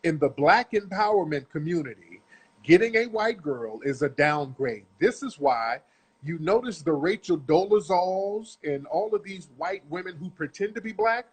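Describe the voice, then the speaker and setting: A man's voice: fairly high pitch, husky. A middle-aged man giving blunt, profane, lecturing commentary on a video clip.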